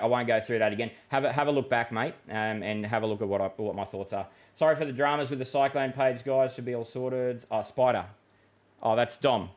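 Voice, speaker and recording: Chatty Australian man hosting a weather livestream. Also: fairly low pitch. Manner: chatty and matey, with many fillers and restarts. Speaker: weather forecaster and livestream host. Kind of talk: casual livestream chat reading viewer comments.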